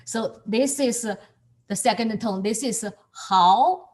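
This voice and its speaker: A woman with as her teaches tones over a video call. She speaks slowly and a little high, stopping and repeating words as she goes. She laughs often between explanations. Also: a little mellow. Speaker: Mandarin tone teacher. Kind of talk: online class instruction.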